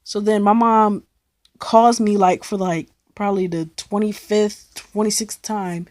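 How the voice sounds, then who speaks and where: A woman's voice: mid-range voice, fairly even intonation, unhurried, a little mellow. A young woman from Cleveland telling a rambling, slang-filled story in a casual vlog, swearing freely. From Cleveland, United States. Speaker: vlogger.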